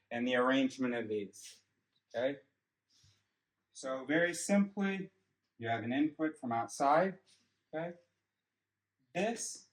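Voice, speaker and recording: A son with a mid-range voice lectures his father about a theory during a drive, recorded by a dashcam mic in an echoey car on the road. He breaks things down step by step and frequently checks in with "okay?"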